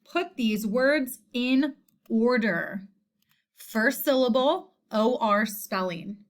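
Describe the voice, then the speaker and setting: A woman teacher giving a spelling lesson, speaking slowly and deliberately and repeating each word. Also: fairly high pitch, a bit bright. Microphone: screen recording voice-over.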